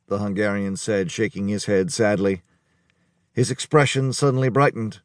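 A man reading an audiobook in a measured, even storytelling manner. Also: lowish voice, no room sound. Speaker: audiobook narrator. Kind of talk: scripted narration. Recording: dry studio, close mic.

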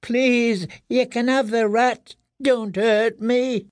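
A man voicing a broken, terrified male prisoner who whimpers and pleads in a thin, high voice while crying. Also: steady tone, very slow, no echo, studio quality, full character voice. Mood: pleading terror.

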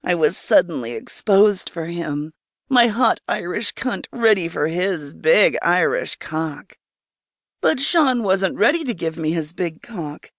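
A woman narrating a first-person erotic story in a slow, breathy, intimate way. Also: on the low side, lively intonation, no echo, studio quality. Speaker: audiobook narrator.

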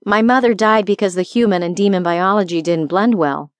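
A woman's voice: mid-range voice, fairly quick, no room sound, close to an everyday voice. Lady narrator doing a frank succubus heroine, guarded, close dry sound. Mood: wary. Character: half-demon succubus woman, wary and candid. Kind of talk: audiobook character voice.

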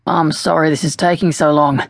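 A woman's voice: low voice, fairly even intonation, fairly quick, gravelly, no echo. A woman voicing a brutish male police detective who talks in a soothing, patronizing way.

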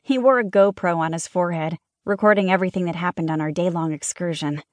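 A woman narrating a first-person mystery audiobook in a lively, wry storytelling manner. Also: fairly low pitch, fast talker, dry recording.

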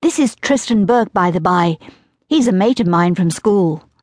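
A woman's voice: fairly low pitch, animated, unhurried, darkish tone, no room sound, clean studio sound. A woman narrator voicing a brash, sturdy twelve-year-old boy in an audiobook. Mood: cheeky.

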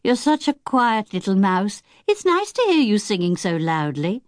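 A woman's voice: mid-range voice, big pitch swings, normal speed, no room sound, clean studio sound, natural voice. A woman narrator voicing a cheerful, teasing teenage boy in a children's audiobook. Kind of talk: audiobook character voice.

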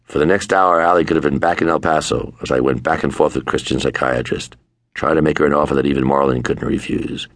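Older man, memoir audiobook narration, very deep rough voice, wry, dry close mic. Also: fairly even intonation, fast, a bit bright, dry recording. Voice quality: gravelly. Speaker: author narrating his memoir. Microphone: close studio mic.

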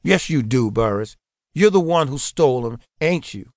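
A man's voice: medium pitch, expressive, normal speed, darkish tone, dry recording, clean studio sound, close to an everyday voice. A male audiobook narrator voicing a belligerent policeman who barks threats. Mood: menacing. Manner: barking, threatening.

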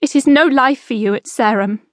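A woman reading an audiobook, voicing a gentle, fond medieval noblewoman who is eager to please. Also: sits high, moderate pace, no room sound, studio quality, pitched above the performer's own voice, lightly acted. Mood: anxious. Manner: warm, soft-spoken, anxious to please.

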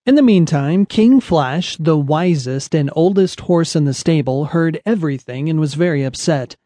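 Bright-voiced man reading a kids' story. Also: fairly high pitch, lively intonation, moderate pace, no echo. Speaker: audiobook narrator. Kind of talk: children's story narration.

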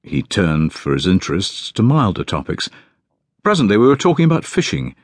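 A man reads a novel aloud in a measured, unhurried first-person narration. His voice is very low and deep, yet his intonation moves expressively. The recording is dry and close to the mic, with no room around it. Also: huge pitch swings, dry recording. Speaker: audiobook narrator.

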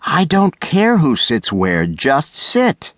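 A man voicing a tired, exasperated mother who pleads slowly and strainedly. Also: on the high side, wildly swooping pitch, a bit bright, no echo, clean studio sound, pitched above the performer's own voice, full character voice.

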